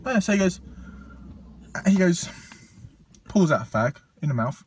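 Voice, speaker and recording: A man's voice: high-pitched, measured pace, a little hiss or hum. A young man telling a story in casual chat, acting out quotes and swearing freely. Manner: animated anecdote, acts out quotes, swears freely.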